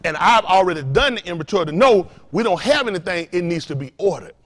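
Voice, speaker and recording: Here the preacher is a fast-talking man with a high-pitched voice and lively intonation. Addressing his congregation through call-and-response, he peppers them with rhetorical questions and shifts from loud emphasis to quiet, hushed lines.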